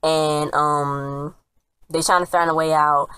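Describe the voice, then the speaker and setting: A woman's voice: deep voice, steady tone, slow, fairly bright tone, clean tone, dry recording, poor audio. A woman casually retelling a TV episode as a reviewer, rambling and chatty, and often quoting the characters. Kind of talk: casual spoken recap.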